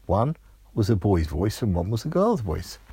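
Male storyteller, lively children's tale, husky voice, dead dry room. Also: fairly low pitch, moderate pace, no echo. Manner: lively, building suspense, playful. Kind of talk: improvised children's story narration.

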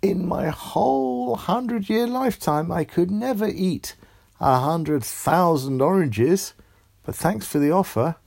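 Brief: man doing an earnest storybook girl, slightly raised, husky. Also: high-pitched, measured pace, darkish tone, no echo, pitched above the performer's own voice, exaggerated voice. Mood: polite. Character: clever polite girl who eats oranges.

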